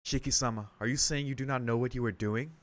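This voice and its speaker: A man voicing a polite, quiet young maid woman in a visual novel, speaking softly and formally. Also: medium pitch, fast, no echo, lightly acted. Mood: concerned. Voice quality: soft, formal and calm.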